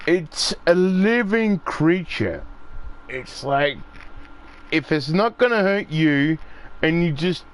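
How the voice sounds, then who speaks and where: A man's voice: on the high side, expressive, slow, a little hiss or hum. An Australian man chatting casually on a gaming stream, rambling and swearing freely as he tells stories. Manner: swears freely, acts out voices when telling stories.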